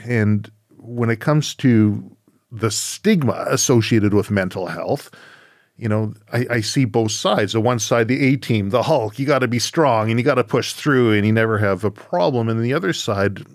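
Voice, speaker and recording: A man's voice: fairly low pitch, normal speed, no room sound, studio quality. A man hosting a podcast interview, thinking aloud reflectively with frequent tag questions. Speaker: podcast host.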